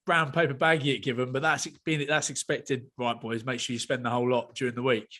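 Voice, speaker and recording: Bright, excitable man in slangy banter. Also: mid-range voice, quick pace. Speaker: podcast co-host. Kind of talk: casual chat.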